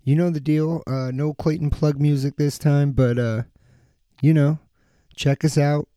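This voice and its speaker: Swearing, animated man telling a story. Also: a little high, measured pace, clear, resonant tone, no room sound. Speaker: podcast host. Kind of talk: casual storytelling chat.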